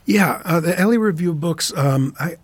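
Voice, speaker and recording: A man's voice: on the high side, moderate pace, no echo. A man answering interview questions thoughtfully, with frequent fillers and restarts. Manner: hesitant, many fillers and restarts. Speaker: author and editor, interview guest.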